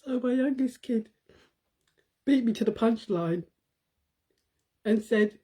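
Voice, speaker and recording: A middle-aged woman chats to her live audience, breaking into giggles as she recounts a family moment. Her voice is soft and mellow, with a slightly husky, breathy edge. She talks in an easygoing, rambling way. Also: on the high side, takes it slowly. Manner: giggly anecdote telling, laughing often. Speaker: live stream host. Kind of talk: casual chat on a live stream.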